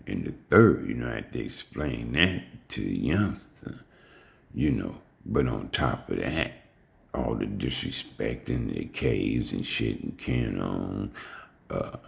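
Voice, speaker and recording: Slow, very deep gravelly man. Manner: rambling, streetwise slang. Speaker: vlogger. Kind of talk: casual monologue. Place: home in suburban Houston.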